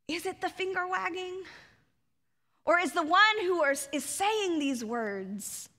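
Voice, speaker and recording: High bright-voiced woman pastor preaching. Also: slow pace, long pauses. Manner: reflective, asks the congregation rhetorical questions. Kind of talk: sermon. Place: church sanctuary. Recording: long church reverb.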